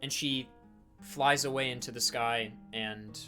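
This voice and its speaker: A man runs a tabletop game session, narrating scenes and voicing characters. He rambles and corrects himself often, with fillers everywhere. Soft guitar music plays in the background. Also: mid-range voice, steady tone, a little slow. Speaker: dungeon master.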